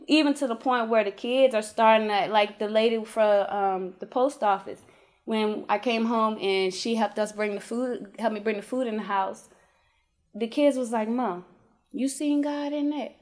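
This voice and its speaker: Telling the story of her faith at a normal speed, this very high-voiced woman is casual and emphatic in a laid-back interview. She performs the voices in her dialogues with God and her children, breaking into lively exclamations as she goes.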